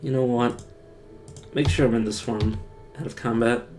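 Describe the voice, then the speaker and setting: A man's voice: medium pitch, steady tone, moderate pace, darkish tone, slight background noise. A man streaming a game live, thinking aloud in a rambling, self-mocking way. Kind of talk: casual live-stream gameplay commentary.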